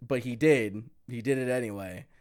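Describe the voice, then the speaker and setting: A man's voice: mid-range voice, moderate pace, clear, resonant tone. Rambling profane man chatting casually. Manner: animated, profane, rambling with fillers. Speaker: podcast co-host. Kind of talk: casual chat.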